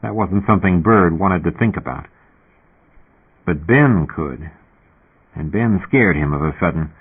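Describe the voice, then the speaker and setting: A man narrating an audiobook in a steady storytelling manner. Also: deep voice, a little slow, husky. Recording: tinny phone-like audio.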